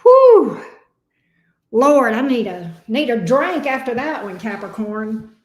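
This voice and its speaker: A woman's voice: fairly high pitch, lively intonation, unhurried, echoey room. A woman giving a casual, emotional tarot reading. She talks expressively and swears now and then. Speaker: tarot reader.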